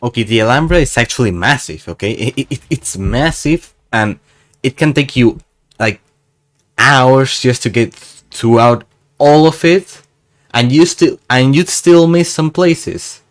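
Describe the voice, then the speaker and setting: A man's voice: medium pitch, a little slow. A young man from Spain, chatting casually in a travel vlog in a rambling, self-mocking, jokey way. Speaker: gaming YouTuber.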